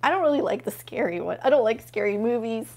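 Chatty, gushing woman with a higher voice. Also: animated, fast talker, a little mellow. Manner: gushing, chatty, talks to viewers while flipping pages. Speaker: live-stream host. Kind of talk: casual live unboxing chat.

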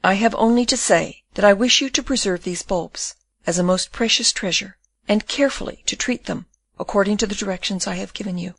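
A woman voicing a condemned young Dutch man who speaks calmly, tenderly and gravely. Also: mid-range voice, brisk, few pauses, dry recording, close to an everyday voice.

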